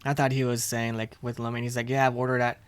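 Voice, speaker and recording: A man's voice: medium pitch, flat delivery, fast talker, clear, resonant tone, dry recording. A man co-hosting a podcast, telling a long restaurant story in casual chat and acting out the quoted dialogue. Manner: rambling storyteller, retells scenes with quoted dialogue. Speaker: podcast co-host.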